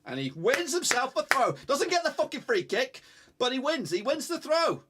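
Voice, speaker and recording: A man streaming a live football watch-along, reacting excitably, swearing and urging viewers to like and subscribe. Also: extremely high pitch, normal speed, background noise.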